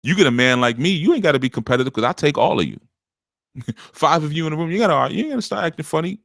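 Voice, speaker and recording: A man with a deep, rough, gravelly voice and a slight scratchiness up top, giving relationship advice as a spiritual teacher in a blunt, punchy, unscripted monologue. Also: lively intonation, fast talker, dry recording, clean studio sound. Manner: punchy, forceful, lecturing.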